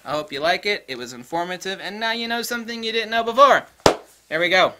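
A middle-aged man speaks at a quick pace in a high-pitched voice against a noisy background. Hosting a photography channel, he rants emphatically and bluntly about tech on his own, restating key points.

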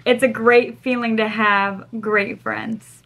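A young woman chatting casually as she unboxes gifts, gushing and excitable. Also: a little high, slow, gravelly, noisy background. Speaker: book vlogger.

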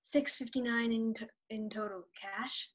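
A woman acting student delivering a line in a quiet, husky near-whisper during an acting exercise. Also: on the high side, fairly even intonation, unhurried.

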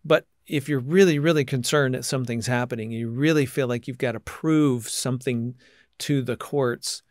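A male podcast host with a mid-range voice, setting up questions for his guests at length and in a steady, measured manner. The sound is dry and close, with almost no room around it. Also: medium pitch, no room sound. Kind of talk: interview.

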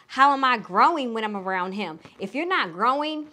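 A woman's voice: on the high side, expressive, moderate pace, hardly any pauses, sharp tone. Blunt Philly woman with Southern twang. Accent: Philadelphia with a Southern twang. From Philadelphia. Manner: frank, blunt, swears casually. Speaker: relationship coach. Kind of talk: casual advice vlog.

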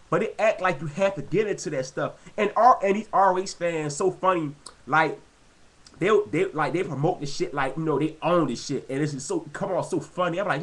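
Lively high-voiced ranting man. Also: normal speed. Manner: heated, repetitive, peppered with "you know". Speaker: vlogger. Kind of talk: casual rant to camera.

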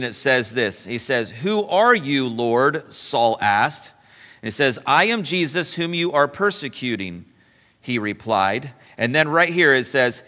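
A bright, forceful male pastor preaching in a loose, conversational way, stopping to correct himself and slipping into the voices of the people he quotes. His voice rings out through a church sanctuary with a long echo trailing behind it. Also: medium pitch. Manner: chatty, self-correcting, acts out quoted voices. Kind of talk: conversational sermon.

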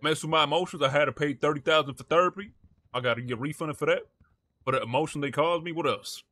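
A man's voice: on the high side, fast, sharp tone. A man role-playing a defendant in a game courtroom, talking in loose street slang and laughing often. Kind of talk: casual role-play banter.

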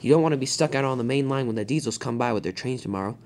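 Narrator as a steady, practical engine driver. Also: medium pitch, very fast, close to an everyday voice. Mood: calm. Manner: calm, matter-of-fact. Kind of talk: fan toy-train storytelling.

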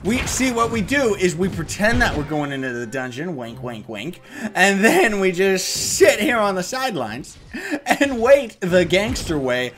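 Goofy, lively young man playing a game. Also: sits high, measured pace, soft background music. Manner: playful, goofy, shifts into silly character voices and shouts. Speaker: let's play host. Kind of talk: energetic game commentary.

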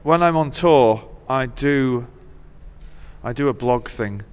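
A man's voice: mid-range voice, slow pace, smooth. Wry, sweary middle-aged man in a reverberant room. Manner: wry, laughing, sweary storytelling. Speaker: interview guest, musician. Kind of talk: casual chat. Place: venue dressing room. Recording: long hall reverb.

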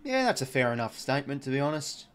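A young Australian man calls the footy live from his desk mic, mixing quick play-by-play with laid-back chat to viewers. His voice sits at an everyday middle pitch and lifts with excitement when a goal goes through. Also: smooth. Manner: chatty, reads chat aloud, excited on goals. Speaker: live watch-along host. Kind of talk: casual play-by-play commentary and chat.

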